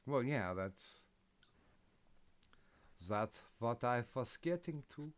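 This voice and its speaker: A man's voice: mid-range voice, animated, takes it slowly, smooth. A man hosting a casual live stream, hesitant with lots of ums, swearing bluntly now and then. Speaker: streamer host.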